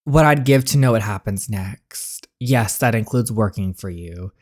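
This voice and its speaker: A man's voice: lowish voice, measured pace, a little mellow, natural voice. A man reading the lines of a moody, bookish woman art expert in a story game, in a sulky tone.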